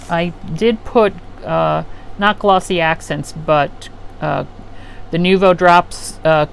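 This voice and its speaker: Middle-aged woman, craft host, low gravelly voice, rambling casual chat, faint air conditioner hum. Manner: rambling, chatty, trails off mid-sentence. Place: home craft room with an air conditioner running.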